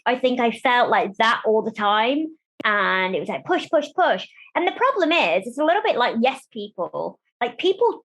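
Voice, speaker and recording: A woman from Germany, a guest on an interview show, talking candidly and with animation about her life. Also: on the high side. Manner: animated, chatty, acts out quoted voices. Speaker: guest, disability rights campaigner.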